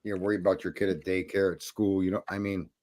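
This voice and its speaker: A man's voice: sits low, little pitch movement, fast talker, darkish tone. A man hosting a live stream, chatting and telling stories in a blunt, profane, rambling way. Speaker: stream host. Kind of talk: casual chat.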